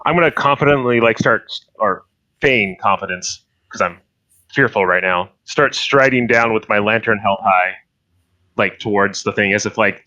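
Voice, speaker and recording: A low-pitched man with a bright, forceful tone plays in a tabletop game and eagerly describes his moves. His mic sounds dull and lo-fi. The sound is dry. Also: moderate pace, dry recording. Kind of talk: casual play chat.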